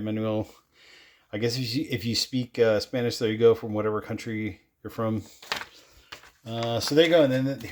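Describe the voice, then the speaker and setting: A man's voice: mid-range voice, a little mellow. An older man hosting a casual product review, talking in a rambling, chatty way and often correcting himself mid-sentence.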